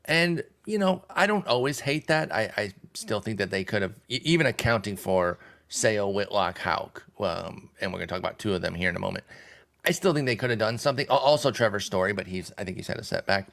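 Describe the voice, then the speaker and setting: A man's voice: on the low side, animated, fairly quick, gravelly, fairly bright tone. A man hosting a podcast, talking casually and conversationally with his co-host. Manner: conversational, frequent restarts. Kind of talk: casual chat.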